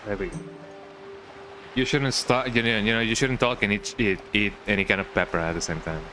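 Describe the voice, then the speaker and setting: A man's voice: lowish voice, steady tone, a little fast, bright, forceful tone, soft background music. A young man streaming a game, chatting in a playful, rambling way and tagging lines with "eh?". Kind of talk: casual gameplay commentary.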